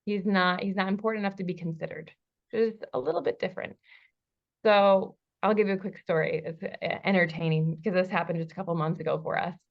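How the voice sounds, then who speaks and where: A woman relationship coach telling a personal story in a podcast conversation. She is animated, acting out the dialogue between herself and another person in shifting voices, and laughs now and then. The audio is a little dull and lo-fi. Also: fairly low pitch, fairly quick, creaky. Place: lives in Bali.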